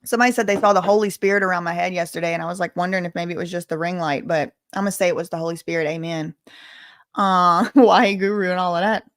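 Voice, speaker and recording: A woman's voice: on the low side, fast talker. A woman hosting a casual livestream, chatting, joking and thanking donors. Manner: chatty, animated, joking asides. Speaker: livestream host. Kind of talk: casual livestream chat reading donations.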